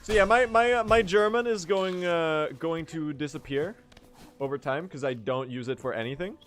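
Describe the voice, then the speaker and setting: A man's voice: a little high, moderate pace, faint music behind. A young man chatting casually on a speedrun stream, self-mocking and laughing often. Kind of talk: casual live-stream chat.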